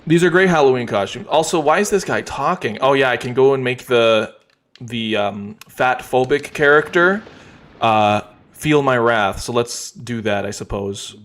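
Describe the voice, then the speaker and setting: A man streaming a game, talking in a relaxed, wry, joking way as he plays. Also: medium pitch, moderate pace. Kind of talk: casual gameplay commentary.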